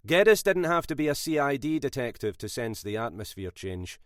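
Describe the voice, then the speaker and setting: A man narrating a thriller audiobook in a measured, expressive way. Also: medium pitch, no room sound, studio quality.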